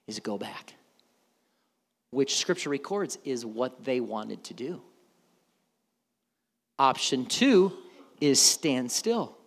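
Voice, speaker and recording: A man preaching a sermon as pastor, animated and joking, acting out quoted voices. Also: medium pitch, long reverb tail.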